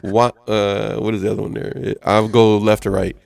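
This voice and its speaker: A man's voice: on the low side, little pitch movement, moderate pace, creaky, a little mellow, no echo, clean studio sound. A man hosting a casual radio talk show, reading items aloud in a chatty way. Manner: chatty, reads list items aloud, chuckles often. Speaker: host.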